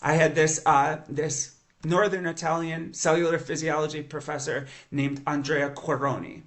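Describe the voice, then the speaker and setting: A man's voice: fairly high pitch, flat delivery, normal speed, a bit bright. A man teaching science in an eager, conversational lecture, explaining as he goes and often restarting his sentences. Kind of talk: educational lecture monologue.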